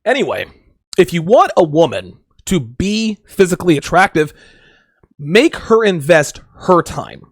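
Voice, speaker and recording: A man talks through dating advice in a casual, blunt podcast monologue, cursing freely and acting out voices. His voice sits a bit high and moves a lot in pitch. The sound is dry, close and free of room echo. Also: very animated, measured pace. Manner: blunt, joking, swears freely; acts out quoted voices. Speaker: podcast host.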